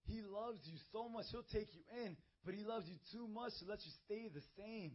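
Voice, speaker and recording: A young man preaching a youth sermon into a handheld mic, emphatic and building to shouts. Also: high-pitched, moderate pace. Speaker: youth pastor. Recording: dull lo-fi recording.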